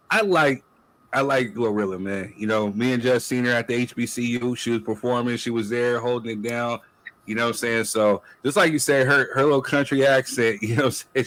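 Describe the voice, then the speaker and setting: A man's voice: medium pitch, a bit bright, poor audio. A man hosting a casual talk show, speaking loosely and filling his lines with "you know what I'm saying.". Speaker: podcast host. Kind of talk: casual chat.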